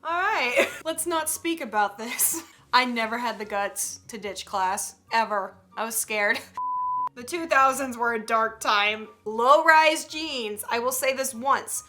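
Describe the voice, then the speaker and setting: A woman's voice: a little high, slow, bright, forceful tone, faint music behind. A woman hosting her channel, reading tweets aloud and reacting with frequent laughter and exaggerated outbursts. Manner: giggly, laughs often between lines. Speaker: YouTube host.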